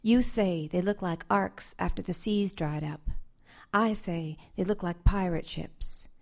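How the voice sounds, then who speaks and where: A woman reads her poetry aloud at a live event. Her voice sits low and she takes her time, unhurried and soft, with hesitant chatty asides between poems. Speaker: poet. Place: live reading event before an audience.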